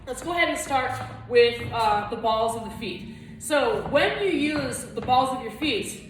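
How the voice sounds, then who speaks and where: A woman's voice: a little high, animated, a little slow. Echoey, distant woman teaching dance. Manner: counts beats aloud while dancing. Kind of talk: online dance lesson. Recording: echoey room, far from mic, loud music.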